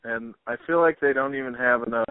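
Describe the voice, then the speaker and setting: A man's voice: medium pitch, quick pace, smooth, no echo. A man hosting a podcast, chatting casually with many fillers. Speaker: podcast host. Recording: dry, phone-like narrow sound.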